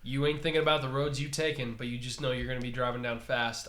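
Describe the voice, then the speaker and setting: A man's voice: medium pitch, level tone, fast, a bit bright. A man from Canada running a tabletop role-play game as the storyteller, narrating in a laid-back, conversational way. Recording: roomy with faint noise.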